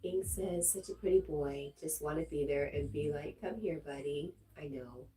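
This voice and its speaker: Low, mellow-voiced woman chatting on a livestream. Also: normal speed, poor audio. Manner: relaxed, chatty, reads viewer comments aloud. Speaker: livestream host reading chat. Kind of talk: casual livestream chat.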